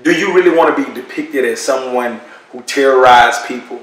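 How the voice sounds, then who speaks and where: A man's voice: medium pitch, moderate pace. A man in his thirties telling a story in casual, profane chat, acting out quoted voices. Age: 30s. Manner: animated, profane, jumps into loud quoted voices. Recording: very echoey room, mic far off.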